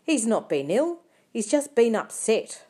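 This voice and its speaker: A rough, scornful schoolboy in a storybook, blunt and mocking, as a woman reader puts him on. The voice is pushed louder and a little higher than the reader's own, yet still mellow. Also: big pitch swings, a little slow, full character voice.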